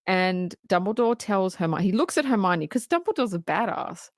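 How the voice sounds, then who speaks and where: A woman's voice: mid-range voice, animated, moderate pace, hardly any pauses, no echo, studio quality. Woman podcaster recapping a story. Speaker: podcast co-host. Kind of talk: casual chat, recapping a film plot.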